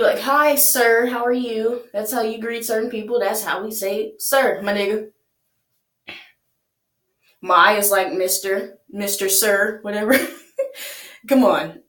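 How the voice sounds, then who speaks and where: A woman's voice: fairly high pitch, echoey room. A young woman hosting a reaction video, chatting casually, laughing often and asking rhetorical questions.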